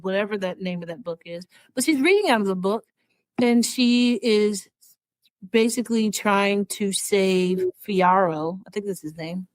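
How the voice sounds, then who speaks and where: A woman co-hosting a casual entertainment podcast, talking in an animated, emotional way. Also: medium pitch, unhurried, no echo. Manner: animated, emotional, acts out quotes. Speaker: podcast co-host. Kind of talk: casual chat.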